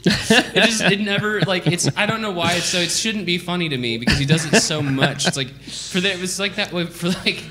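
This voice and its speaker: A man's voice: high-pitched, brisk, a crowd in the background. A man co-hosting a casual podcast chat, telling funny stories and laughing often. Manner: laughs often, animated storyteller. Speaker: podcast co-host.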